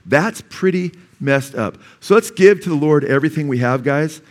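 A male pastor preaching a sermon in a church, telling stories with humor and swinging between loud and soft delivery. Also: fairly high pitch, lively intonation, moderate pace. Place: church sanctuary.

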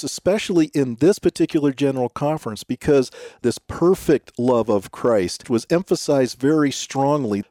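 A man's voice: mid-range voice, dark tone, no room sound, studio quality. A man co-hosting a scripted discussion, skeptical and emphatic as he reads out quotes and questions them. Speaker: co-host.

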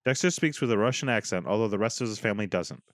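A man's voice: on the low side, expressive, fast, dry recording, studio quality. A man co-hosting a podcast, chatting casually, joking and swearing, sometimes reading from the web. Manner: profane, joking, reads aloud from web. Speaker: podcast co-host.

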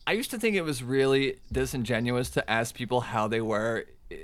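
A middle-aged man co-hosting a podcast, wry and self-deprecating, talking haltingly with many fillers. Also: mid-range voice, expressive. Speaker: podcast co-host. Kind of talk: casual chat. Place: Chicago.

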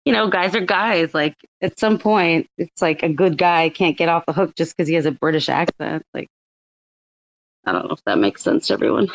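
A woman's voice: low-pitched, expressive, a little fast, vocal fry, highs cut off. Chatty Boston-woman host, laughing. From Massachusetts. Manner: laughing, storytelling, lots of "like". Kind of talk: casual chat.

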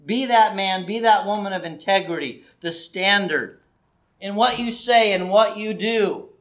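A man's voice: sits high, unhurried, a bit bright. A middle-aged male pastor giving an earnest, conversational sermon that builds to raised emphasis.

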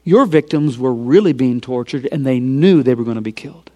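A man preaching, retelling a film scene by scene in an animated storytelling sermon and dropping to hushed near-whispers for emphasis. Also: mid-range voice, fairly quick.

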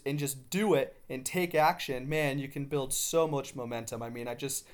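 A man hosting his own podcast, telling a story with enthusiasm and quoting others in his own voice. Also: on the high side. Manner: frequent restarts and fillers, enthusiastic. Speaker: podcast host. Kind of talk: casual storytelling monologue.

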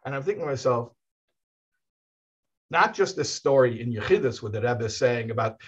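Husky man telling rambling stories. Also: mid-range voice, expressive, moderate pace, lo-fi sound. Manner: rambling storyteller, many restarts and fillers. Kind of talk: casual chat.

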